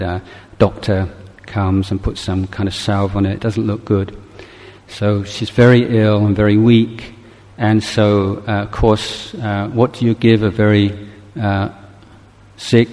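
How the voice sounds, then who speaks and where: A male Buddhist teacher gives a dharma talk in a low, even, unhurried voice, gentle and reflective and often pausing to find his words. His speech carries a long reverb, as if in a large hall.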